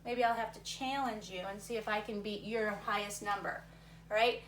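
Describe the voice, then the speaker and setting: Teacher lady doing a reading lesson for kids, bright highish voice, kinda far from the mic in an echoey room. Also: steady tone, normal speed. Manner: encouraging, talks through her thinking aloud. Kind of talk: recorded reading lesson for young students. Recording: roomy sound from a distance, faint noise.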